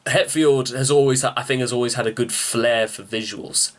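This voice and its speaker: Hosting a music reaction video, a man speaks in halting bursts, often restarting as he hunts for words and calls his viewers "ladies and gentlemen." His mid-range voice keeps a fairly even intonation.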